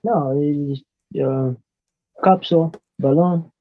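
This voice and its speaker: A man from Tanzania, a debate guest on a call, halting and searching for words, teasing at times. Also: fairly high pitch. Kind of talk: casual live debate over a call. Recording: tinny phone-like call line.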